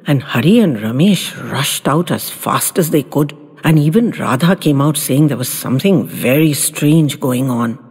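A woman storyteller recounting a family memory with animated expression. Her voice is breathy and rises and falls a great deal. The recording has a long, echoing reverb. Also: low-pitched, normal speed. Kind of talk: storytelling narration. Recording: echoey room with long reverb.

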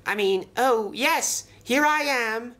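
A man's voice: very animated, unhurried, fairly bright tone. A man voicing a polite, fretful little male brake van in a toy train story. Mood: meek. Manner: anxious, very polite, high and breathy.

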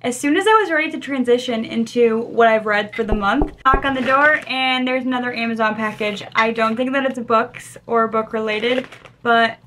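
Excitable young woman vlogger, kinda high voice, faint hiss behind. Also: normal speed. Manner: gushing, excitable. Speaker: book vlogger. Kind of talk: casual unboxing chat.

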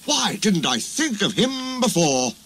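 A man's voice: high-pitched, big pitch swings, measured pace, heavy background noise, voice pushed up. A man voicing a kind, earnest male railway engine who speaks up for his friends. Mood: determined. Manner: kind, earnest, indignant at times. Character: kindly male blue tank engine, earnest. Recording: music playing behind.

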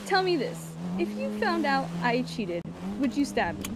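A woman's voice: high-pitched, very animated, moderate pace, noisy background. A woman in game roleplay, playful and pleading, apologizing over and over. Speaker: roleplay player.

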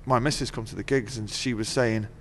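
Middle-aged guy, dry jokey storyteller, swears a lot, laughs mid-sentence, average-pitched voice, long echo tail on it like a big room. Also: steady tone, a little fast, fairly bright tone, slight background noise. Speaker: interview guest, musician. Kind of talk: casual chat. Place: venue dressing room. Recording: long hall reverb.

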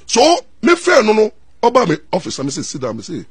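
A middle-aged Ghanaian man and lawyer, telling stories in an excitable way, mixing Twi and English and repeating his words. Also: high-pitched, fairly quick, husky. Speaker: lawyer and commentator. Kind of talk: animated storytelling talk.

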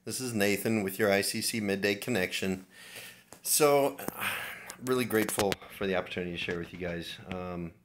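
Low-voiced man giving earnest devotional. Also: fairly even intonation, a little fast, noisy background. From Minnesota, USA. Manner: earnest, heartfelt personal testimony. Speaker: church devotional speaker. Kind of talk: informal devotional talk.

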